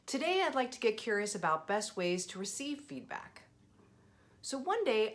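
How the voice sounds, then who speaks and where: A woman coach hosts a scripted video lesson and tells stories with expressive, measured delivery. Her voice sits a bit low for a woman, with lively rises and falls in pitch. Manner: expressive storytelling, clear and measured. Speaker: leadership coach and host.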